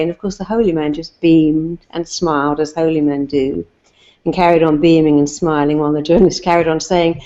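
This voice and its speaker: A woman speaks as a therapist, with a low, mellow voice. She gives emphatic, repetitive motivational advice and builds her points through lists and stories. The recording sounds slightly muffled and lo-fi. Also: steady tone, a little fast. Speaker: therapist guest.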